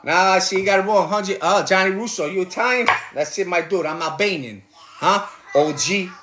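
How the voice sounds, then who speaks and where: A man's voice: high-pitched, moderate pace, roomy sound, noisy background. A middle-aged man with a New York accent, ranting bluntly and rambling with profanity while cooking in his kitchen. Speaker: livestream host. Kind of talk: casual rant while cooking. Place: home kitchen.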